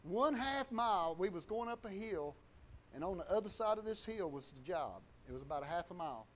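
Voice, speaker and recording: High-voiced Southern man telling a testimony. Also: expressive, brisk, a bit bright, slight background noise. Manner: folksy, colloquial, acts out others' voices. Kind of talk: testimony storytelling.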